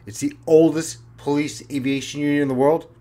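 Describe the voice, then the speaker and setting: A man, a former police officer, telling a story in a casual, animated way and swearing freely. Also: on the high side, fairly quick. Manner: animated, swears freely, acts out his own panic.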